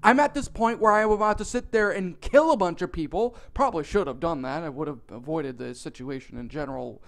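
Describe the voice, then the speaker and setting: Guy with a pretty high voice ranting thru a crazy storytime, swears a lot, super animated. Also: a little fast, creaky. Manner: animated, profane, exaggerated retelling. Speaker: storytime narrator. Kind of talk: comedic storytime narration.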